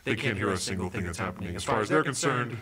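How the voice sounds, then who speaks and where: Low-voiced playful man hosting. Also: expressive, quick pace, crowd noise. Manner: playful, leading the banter. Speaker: children's director. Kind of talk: comedic kids' church video.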